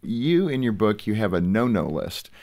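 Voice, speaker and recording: A man's voice: fairly low pitch, sing-song, moderate pace, darkish tone. A man hosting a conversation, asking his guests questions and laughing along. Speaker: radio host. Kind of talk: interview conversation.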